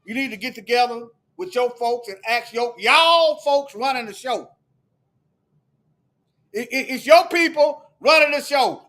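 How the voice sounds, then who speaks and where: A man delivering a heated, preachy monologue to his viewers, firing off repeated rhetorical questions and sometimes shouting. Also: extremely high pitch. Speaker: video commentator.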